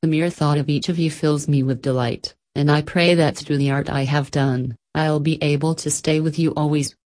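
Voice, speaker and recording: An old man near the end of his life, a warm-hearted artist saying gentle, heartfelt goodbyes, read by a woman. The voice is low and soft. It belongs to a quiet storybook. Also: fairly even intonation, moderate pace, natural voice. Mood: tender. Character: dying old male artist, loving and grateful.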